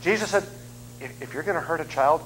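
Animated, joking middle-aged man preaching. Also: a little high, fairly quick, slight background noise, low-quality recording. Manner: joking, animated, acts out voices and screams. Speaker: guest preacher. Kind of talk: sermon. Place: church sanctuary.

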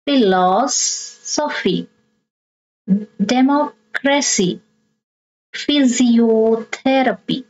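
Indian English woman teacher, higher voice, slow deliberate lesson delivery, muffled lo-fi recording. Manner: slow, deliberate reading of exercises. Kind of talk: textbook lesson explanation.

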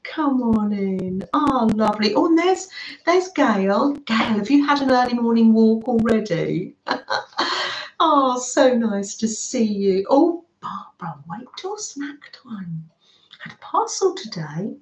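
A British woman hosting a live craft stream, warmly welcoming viewers by name and chatting as she works. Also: on the high side, sing-song, unhurried, roomy sound, dull audio. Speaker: craft livestream host.

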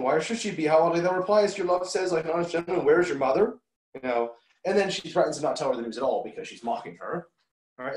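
एक पुरुष शिक्षक, जो आराम से, बार-बार "अम" कहते हुए और मज़ाकिया टिप्पणियों के साथ पाठ समझाता है।. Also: male voice, mid-range voice, roomy sound, low-quality recording. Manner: relaxed, lots of ums, joking asides. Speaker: teacher. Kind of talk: casual recorded lesson.

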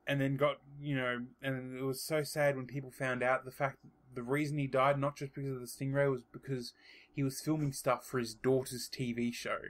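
A man's voice: mid-range voice, flat delivery, fairly quick. A young man with an Australian accent hosting a casual podcast chat, rambling and swearing freely. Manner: rambling, swears casually, trails off mid-sentence. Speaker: podcast host.

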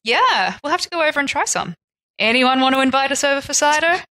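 A lively woman co-hosting a podcast, her voice bright and a little high. Her pitch swoops up and down as she chats and laughs easily. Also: fast talker. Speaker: podcast co-host. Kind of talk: casual chat.

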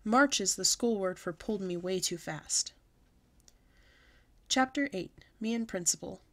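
A woman reading a children's book aloud, with a lively, expressive storytelling manner. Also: medium pitch, measured pace.

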